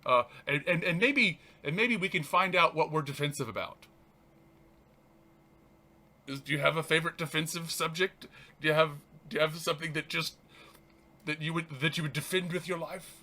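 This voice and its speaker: Speaking at a fairly high pitch, a man who is a reverend and show host reads from a spiritual text and remarks on it. His delivery is animated yet halting, with frequent restarts and laughter.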